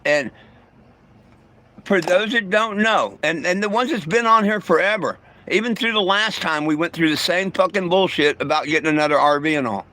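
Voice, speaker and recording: A man with a drawl rants to his livestream viewers in a blunt, profane way. His voice sits high and bright, and he often trips over his words and starts his sentences again. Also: normal speed. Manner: blunt and profane, stammering restarts, irritable. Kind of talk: casual livestream rant.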